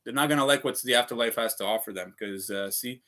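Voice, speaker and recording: Bright-voiced man ranting, profane. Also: mid-range voice, fast talker. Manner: heated, profane, repetitive ranting. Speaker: vlogger. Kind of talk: casual livestream rant.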